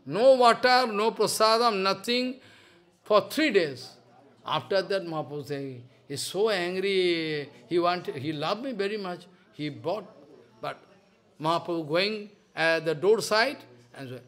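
A high-pitched man gives a storytelling sermon in broken English. He brings the characters to life with lively voices, dropping articles and verbs as he goes. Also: unhurried. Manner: animated, acts out characters' voices. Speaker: spiritual teacher.

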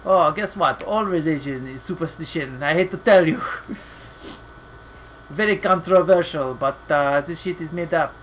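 A man hosting a let's play, joking, laughing often, swearing freely and ranting, sometimes reading game text aloud slowly and dramatically. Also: fairly high pitch, a bit bright, slight background noise, low-quality recording. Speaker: gaming channel host.

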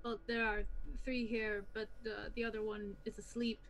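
A woman's voice: a little high, flat delivery, normal speed, a little hiss or hum, rough recording. A woman as a player in a tabletop game, speaking in a polite, tentative way. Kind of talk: casual chat in a tabletop game.

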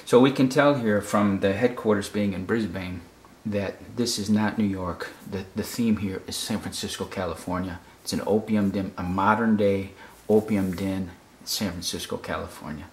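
A man's voice: low-pitched, fairly even intonation, moderate pace, hardly any pauses. A man from the United States explaining a fashion photo casually, often repeating words and checking in with "okay?". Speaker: photography critic. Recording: roomy echo.

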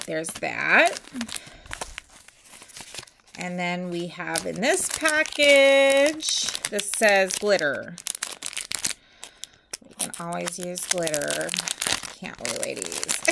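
A woman's voice: fairly low pitch, slow pace, creaky, pauses often, noisy background. A woman vlogger chatting casually and gushing as she unboxes nail art, with many ums.

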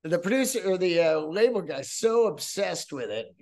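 A man hosting a podcast, telling a story in a casual, profane, excitable way. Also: sits high, moderate pace. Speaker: podcast host.

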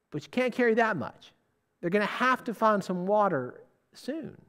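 A preacher giving a sermon, putting questions to the listeners and stressing key words. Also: medium pitch.

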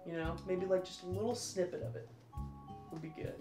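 A woman's voice: on the low side, steady tone, fairly quick. Rambling upbeat woman host in a roomy space. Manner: rambling and filler-heavy, upbeat. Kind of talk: casual chat. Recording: roomy, music behind.

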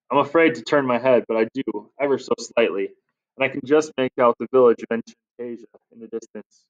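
A man reads a children's fantasy novel in first person, with lively, expressive narration. His voice sits at an average pitch. The recording is dull and muffled, like lo-fi audio.

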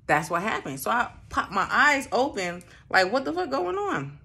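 A young woman telling a story in casual chat, animated and profane, acting out the people in it. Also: fairly high pitch, normal speed, creaky. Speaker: storyteller host.

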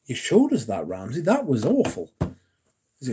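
Pitch swooping wildly around a medium register, this livestream host speaks a little slowly in a warm, breathy-edged voice. He reads chat comments casually, joking around with viewers and cursing freely.

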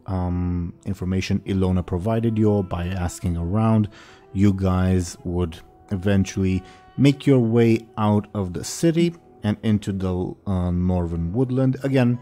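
Low, mellow man running a tabletop game. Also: soft background music. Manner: rambling, halting, many fillers. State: has the hiccups. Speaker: game master.

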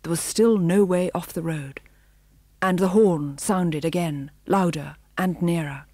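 A woman narrating a children's storybook audiobook with a measured, expressive reading. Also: lowish voice, no room sound.

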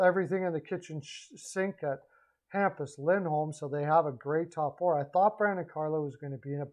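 A man with a slightly high voice talks hockey trades in a loose, rambling solo commentary. He stumbles over names, corrects himself and keeps tossing in animated asides to his viewers. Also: highs cut off. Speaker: hockey podcaster.

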